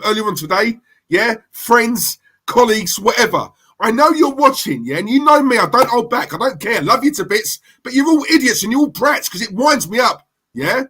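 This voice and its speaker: A man's voice: very high-pitched, sharp tone, breathy edge. A man ranting to camera as a football fan vlogger, heated and emphatic, repeating himself for effect.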